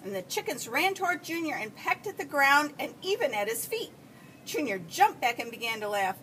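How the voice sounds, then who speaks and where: Expressive teacher reading a storybook aloud. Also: female voice, high voice, normal speed. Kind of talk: reading a picture book aloud. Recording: distant mic, faint background hiss.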